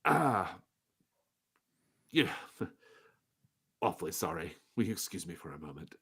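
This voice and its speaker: A man voicing a big, broad-chested pie seller in a tabletop game, calling out with loud huckster patter. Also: fairly low pitch, animated, normal speed, pitched above the performer's own voice, close to an everyday voice. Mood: nervous.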